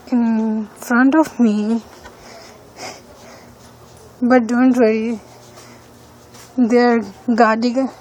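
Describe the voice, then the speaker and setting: Filming on her phone as she strolls her neighborhood, a student speaks English as a second language in a relaxed walking-tour vlog, hesitating often and using many fillers. Her slightly high voice has a bit of mellowness, and the poor audio carries slight background noise.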